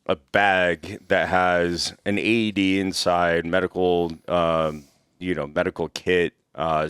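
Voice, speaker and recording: Man with a very deep voice, casual podcast storyteller, laughs a lot, swears, dry close sound. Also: smooth, no echo. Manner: animated, laughing, swears freely. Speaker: former executive protection agent.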